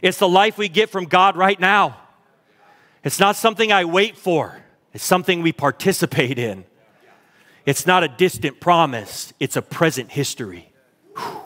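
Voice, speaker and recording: A man preaching a sermon as pastor, fervent and exclamatory, speeding through lists and slowing down to stress scripture. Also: high-pitched, expressive, a bit bright. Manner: fervent, exclamatory, fast bursts then slow emphatic readings. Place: large church auditorium. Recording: long church hall reverb.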